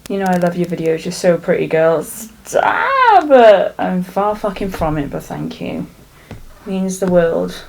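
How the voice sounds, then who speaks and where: A young beauty vlogger from South Wales rambles through a casual makeup tutorial at home, swearing freely. Her fairly low voice is creaky and unhurried with big pitch swings, and the poor audio carries slight background noise.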